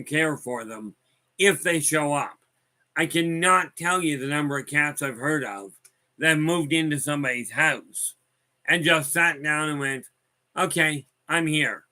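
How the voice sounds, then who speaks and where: A man's voice: fairly high pitch, sharp tone. A man casually chatting as host, telling rambling, wry stories and answering viewer comments. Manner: rambling, wry, folksy storyteller who reads viewer comments aloud. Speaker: host of a live talk stream. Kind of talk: casual storytelling chat.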